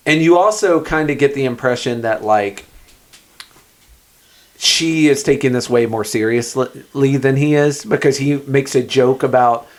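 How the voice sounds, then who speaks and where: A man co-hosting a podcast, chatting casually about a movie, agreeing often and acting out lines from the film. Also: medium pitch. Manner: chatty, quick to agree, acts out characters' lines. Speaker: podcast co-host.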